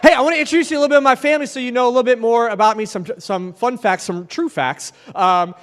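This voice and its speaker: A man's voice: very high-pitched, fairly even intonation, fast talker, a bit bright. A man in his thirties giving a joking, conversational youth sermon, telling stories as he preaches. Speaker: youth event speaker. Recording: reverberant hall sound.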